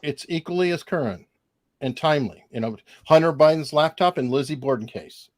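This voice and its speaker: A man hosting a casual legal panel over a video call, animated and joking. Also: a little high, dry recording, clean studio sound. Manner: animated, laughing, quick asides. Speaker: host.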